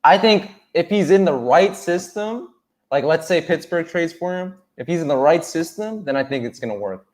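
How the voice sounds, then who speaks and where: A man, a sports YouTuber, chatting casually about football in a relaxed way full of fillers. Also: a little high, normal speed.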